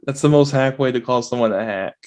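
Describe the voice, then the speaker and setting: A man's voice: mid-range voice, fairly quick, darkish tone. A man co-hosting a comedy podcast, tossing in dry teasing quips. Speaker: podcast co-host. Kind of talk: casual comedic chat.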